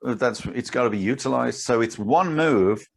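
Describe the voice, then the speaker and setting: A man's voice: medium pitch, lively intonation, normal speed, creaky. A man co-hosting a casual podcast, explaining martial arts techniques in a blunt, emphatic way. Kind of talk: casual chat.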